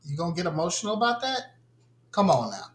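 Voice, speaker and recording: A man's voice: sits high, very animated, fast talker, reverberant. A man co-hosting a gaming podcast, ranting bluntly and with a lot of swearing in casual chat. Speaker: podcast co-host.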